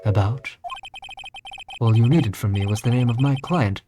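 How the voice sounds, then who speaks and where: Smooth detached killer-for-hire read by a streamer, deep, over clear game music. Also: natural voice. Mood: aloof. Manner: smooth, measured, aloof. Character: suave cold male hired assassin. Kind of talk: reading game dialogue aloud.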